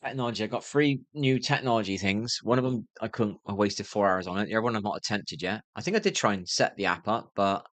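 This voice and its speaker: A man's voice: fairly low pitch, animated, quick pace, hardly any pauses, fairly bright tone, no room sound. A man in his fifties streaming his gaming, rambling to himself in a tired, muttering way. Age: 50s. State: tired, yawning. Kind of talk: rambling livestream monologue.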